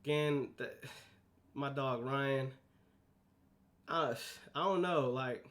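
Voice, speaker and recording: A young man hosting a podcast, telling a story in a casual, animated way, acting out the quoted lines and swinging between loud and hushed. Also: medium pitch, slow. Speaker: podcast host.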